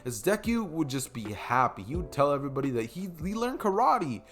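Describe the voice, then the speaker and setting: A man's voice: a little high, big pitch swings, a little fast. A young man casually narrating an improvised fan story, rambling with many fillers.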